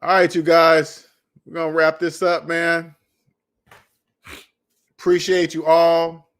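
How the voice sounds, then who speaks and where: A man hosting a casual talk about debt, laid-back and slow, tagging "man" onto his sentences. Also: a little high, completely flat delivery, fairly bright tone, clear, resonant tone. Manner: laid-back, says "man" often, wraps up slowly. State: hiccuping. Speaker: host. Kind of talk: casual chat.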